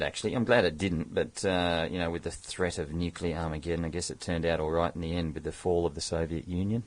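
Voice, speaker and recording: A man's voice: low voice, steady tone, quick pace, few pauses. A man hosting a radio talk show, playful and a bit theatrical. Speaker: radio host. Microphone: studio mic.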